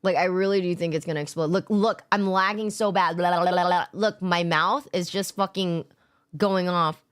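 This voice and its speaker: Her voice is on the low side and a little bright, with a steady tone and moderate pace. She's streaming after work, worn out but loose and giggly, swearing freely as she casually chats with viewers and greets them by name.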